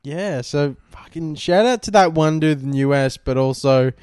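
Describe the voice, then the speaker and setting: A man's voice: fairly high pitch, normal speed, a little mellow, smooth, no echo, studio quality. A young Australian man co-hosting a casual podcast in a lounge room, laid-back and swearing a lot. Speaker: podcast co-host. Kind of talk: casual chat.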